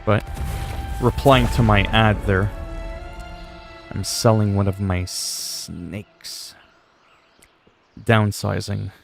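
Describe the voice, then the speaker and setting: A man in his forties talks loosely while streaming a game. His voice sits on the low side, and he wanders off into crude jokes. Faint background music runs under him. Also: fairly even intonation, drawn-out words, creaky, pauses often. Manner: rambling, crude joking asides. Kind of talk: casual livestream chat.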